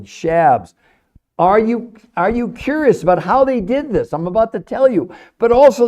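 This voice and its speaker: A man's voice: high-pitched, dark tone. Emphatic, salesy middle-aged man. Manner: emphatic, salesy, repeats points for effect. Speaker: livestream host, nutrition researcher. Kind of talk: live stream talk to chat viewers.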